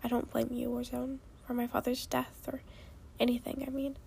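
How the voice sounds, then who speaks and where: A woman's voice: on the high side, flat delivery, moderate pace, gravelly. Woman reading a tearful female dragon. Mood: hushed. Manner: soft, whispering.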